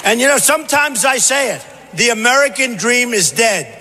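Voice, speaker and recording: A man's voice: very high-pitched, expressive, normal speed, bright, forceful tone, a faint crowd. A man giving a campaign rally speech as a candidate, boastful and repetitive in punchy bursts. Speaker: political candidate. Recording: reverberant hall, faint background noise.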